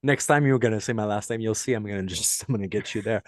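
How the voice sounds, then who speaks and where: A man with a French Canadian accent hosts a casual podcast chat, talking fast in a fairly low voice. He's earnest and rambling, laughing often as he tells stories, and the recording is dry with clean studio sound.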